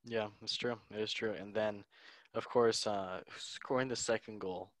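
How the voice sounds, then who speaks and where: A man's voice: fairly low pitch, fairly even intonation, measured pace, dry recording. A young man hosting a casual football chat, playful and laughing often as he runs through match scores. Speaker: podcast host.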